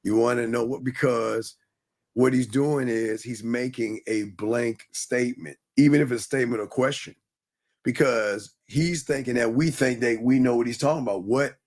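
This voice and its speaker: A man's voice: medium pitch, steady tone, moderate pace, darkish tone. A man co-hosting a live call-in stream, talking bluntly and animatedly, repeating his points. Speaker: livestream co-host. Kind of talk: casual live call-in chat.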